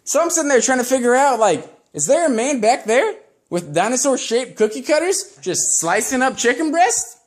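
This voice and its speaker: A man's voice: extremely high pitch, very animated, moderate pace. A young man doing a stand-up set, telling crude stories in a rambling, profane way. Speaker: stand-up comedian.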